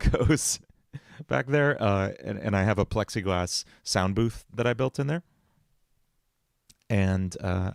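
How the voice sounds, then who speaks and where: A man's voice: fairly low pitch, gravelly, no echo. A man hosting a casual livestream from his home studio, thinking aloud as he writes song lyrics and answers chat questions. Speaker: musician and livestream host.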